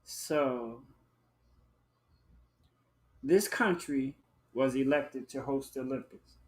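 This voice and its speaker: A man hosting a live-stream talk show, chatting in a sassy, flamboyant way, calling listeners honey and child and breaking into high whoops. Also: slow pace. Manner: bursts into high whooping exclamations. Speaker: livestream show host. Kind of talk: casual live-stream chat.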